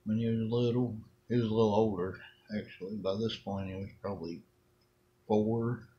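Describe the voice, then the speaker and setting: A man's voice: on the low side, steady tone, normal speed, muffled recording. A middle-aged man with a Southern American accent telling a rambling personal story in a casual, folksy way. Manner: rambling, folksy, acts out quotes. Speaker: storyteller vlogger.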